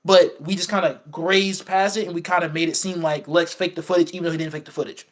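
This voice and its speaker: A podcast co-host in a casual film review chat rambles along, acting out quoted lines with many fillers and restarts. His voice is fairly high, flat in delivery, and fast.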